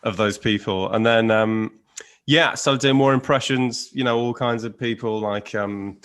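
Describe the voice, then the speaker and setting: A man's voice: on the low side, fairly even intonation, a little slow, a bit bright. A young man appearing as a comedian guest on a podcast, talking casually and hedging with lots of filler phrases. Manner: hedging, full of "sort of" and "you know". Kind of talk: casual interview chat.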